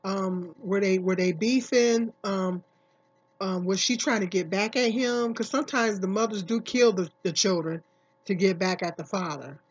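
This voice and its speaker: A woman's voice: medium pitch, moderate pace, breathy edge. A woman vlogger giving casual, emphatic commentary, repeating herself and asking many questions. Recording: dull lo-fi recording.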